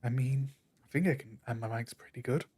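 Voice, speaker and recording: A man's voice: mid-range voice, fairly quick, a little mellow. Laid-back young Northern English man. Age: young adult. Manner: laid-back, blunt, swears casually. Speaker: guest in chat. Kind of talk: casual chat.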